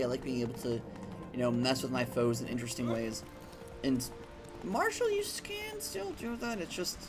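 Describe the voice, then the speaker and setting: A man chatting casually while playing a video game, rambling through a story with lots of fillers and the odd swear. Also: on the high side. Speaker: gaming streamer. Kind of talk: casual let's-play commentary.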